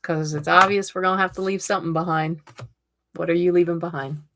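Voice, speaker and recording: A woman's voice: lowish voice, little pitch movement, fairly quick, fairly bright tone, slight background noise. A woman in her forties hosting a casual live stream and reading tarot cards, chatty and laughing often as she talks to her viewers. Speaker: host.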